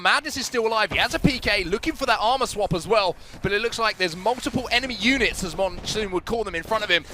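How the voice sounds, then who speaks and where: A man with a British-sounding accent giving play-by-play esports commentary, energetic and rising on big plays. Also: sits high, fast talker, hardly any pauses, background noise. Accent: British or Australian English. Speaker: esports caster.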